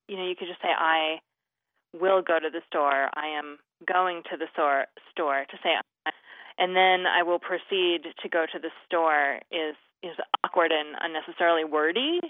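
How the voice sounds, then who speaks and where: A woman's voice: fairly low pitch, moderate pace, no room sound. A woman grammar expert, a guest on a call-in radio show, explaining usage in a chatty way with many fillers. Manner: chatty, many "you know" fillers, laughs easily. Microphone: phone. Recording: narrow phone line.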